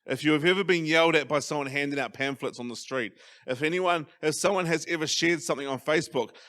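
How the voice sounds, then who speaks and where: A man with a New Zealand accent preaching a sermon as pastor, emphatic, swinging from loud stresses to quiet asides. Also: on the high side, fast. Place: church hall.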